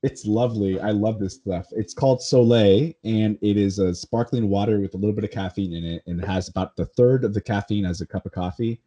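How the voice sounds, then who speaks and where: A man's voice: on the low side, fairly even intonation, fairly quick, few pauses, warm tone. A man with a Californian accent hosting a podcast, joking and rambling casually. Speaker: podcast host.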